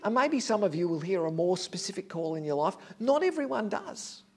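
A man with a high, light voice delivers a sermon. He preaches earnestly and with emphasis, leaning on repeated phrases to drive each point home. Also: sing-song, fairly quick, slightly rough, soft background music.

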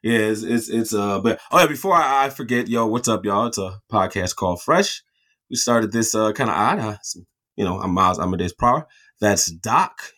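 A man in his thirties co-hosting a casual podcast, telling lively stories and acting out family members' voices. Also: fairly low pitch. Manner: animated storyteller, acts out voices of family. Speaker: podcast co-host. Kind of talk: casual chat.

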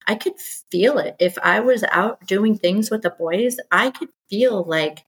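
A middle-aged woman, a podcast guest, telling her story in candid conversation and acting out exasperated quotes in lively bursts. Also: mid-range voice, breathy edge, low-quality recording. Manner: animated, exasperated, quoting others in lively bursts.

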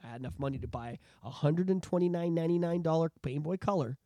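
Podcast host, man in his 30s, high voice, animated and foul-mouthed, dry close sound. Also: quick pace, no room sound. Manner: profane, animated storytelling. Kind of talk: casual nostalgic chat.

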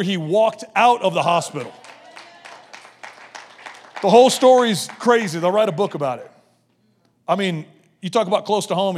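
A middle-aged man preaching a sermon as a pastor, telling stories and swinging from loud punchy lines to low quiet ones. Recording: long hall reverb.

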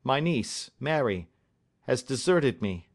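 A man voicing an excitable, distraught middle-aged banker in an audiobook, pleading and bursting with emotion. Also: mid-range voice, slow, full character voice. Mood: grieving. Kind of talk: audiobook character reading.

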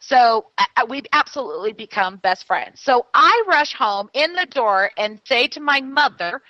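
A woman from California co-hosting a talk show, chatty and quick to tell a story with plenty of fillers. Her voice sits a little high and sounds bright and forward, recorded close and dry. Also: animated, no room sound, dull audio. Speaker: co-host. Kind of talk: casual radio chat.

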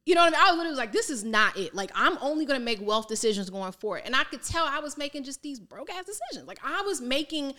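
A woman's voice: sits high, fast talker, few pauses. A woman from Maryland, a financial coach, telling her story in a candid, casual way with slang, acting out what people said. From Maryland, United States. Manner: animated, slangy, acts out quoted voices.

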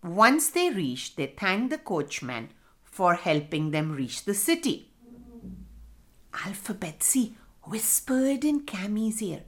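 A woman narrating a children's story in a slow, expressive storytelling manner. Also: medium pitch.

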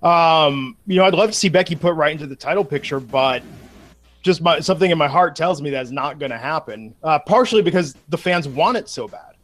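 Male host, a bit high-pitched, easy conversational chat. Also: expressive, a little fast, a bit bright. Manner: conversational, steering topics, fillers. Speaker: wrestling podcast host. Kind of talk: casual chat.

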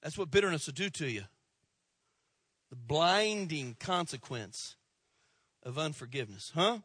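Male pastor, bright tense preaching voice, dry close sound, dramatic swings from loud to hushed. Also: fairly high pitch, animated, a little slow, husky, no echo. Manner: tells jokes and acts out quoted voices. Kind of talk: sermon.

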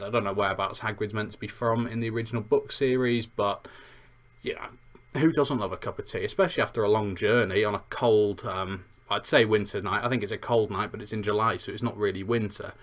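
A man's voice: on the low side, fast, a bit bright. A man hosting a podcast, reviewing a book chapter in a rambling, self-deprecating chatty way. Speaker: podcast host. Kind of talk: chatty book review with read-aloud passages.

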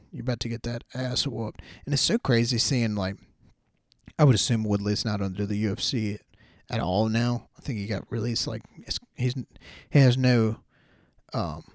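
A young man hosting a casual combat sports podcast, animated and incredulous, swearing freely. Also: medium pitch, no echo, clean studio sound. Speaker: podcast host.

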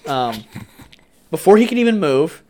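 A man's voice: fairly high pitch, very animated, normal speed, a little mellow. A man in casual chat, telling crude childhood stories with a loose, joking manner. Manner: crude storytelling, acts out voices and screams.

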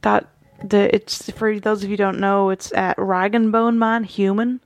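A woman co-hosts a casual chat about a wrestling show at a middle pitch. She laughs often and trips over her restarts as she talks. The room is dry and close. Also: level tone, moderate pace, dry recording. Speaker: podcast co-host.

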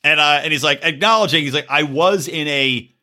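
With a fairly high voice and a brisk delivery, this man co-hosting a podcast shares a crude tale, swearing and laughing a lot. He animatedly impersonates the people he quotes, changing his voice for each.

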